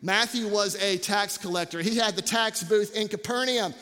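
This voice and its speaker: A male campus pastor preaching a sermon in an animated, joking way, repeating words for emphasis. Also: sits high, moderate pace, long reverb tail, faint music behind.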